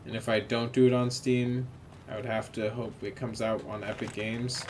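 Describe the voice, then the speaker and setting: A tired man streaming a video game, chatting casually, swearing freely and reacting loudly to the action. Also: medium pitch, little pitch movement, normal speed. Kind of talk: casual live gameplay commentary. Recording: noticeable background noise.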